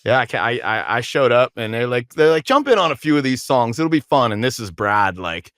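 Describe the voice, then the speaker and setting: A man's voice: medium pitch, fairly quick, clean tone, no room sound, clean studio sound. A male podcast guest and musician telling long casual stories, acting out what others said, with lots of restarts. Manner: rambling, animated storyteller acting out quotes, frequent restarts. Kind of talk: casual storytelling interview.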